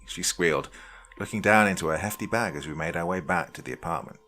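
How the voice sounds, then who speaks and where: A man narrating a spooky story in an expressive, dramatic storytelling manner. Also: low-pitched, fast, soft background music.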